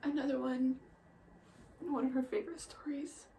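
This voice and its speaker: Young woman vlogger, hushed and halting, emotional, faint hiss behind her. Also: high voice, fairly even intonation, gravelly, rough recording. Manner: soft-spoken, often near a whisper, halting. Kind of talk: personal storytelling vlog.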